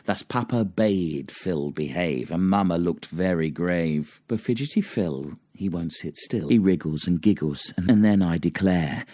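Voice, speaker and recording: A man reading old cautionary rhymes for children aloud. His voice sits deep and he takes the lines slowly. The recitation is dramatic and strongly rhythmic. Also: mellow, no echo. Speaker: reader.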